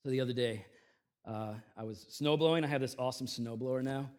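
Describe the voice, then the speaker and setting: A man pastor preaching a sermon, conversational and animated, swinging between loud emphatic peaks and quiet asides, with self-deprecating humor. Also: medium pitch, quick pace.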